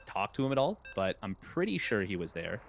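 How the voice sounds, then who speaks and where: A man's voice: on the low side, sing-song, brisk, gravelly, faint music behind. A young adult man casting an esports match in a casual, rambling way, with jokes and many fillers. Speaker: esports caster. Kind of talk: casual play-by-play commentary.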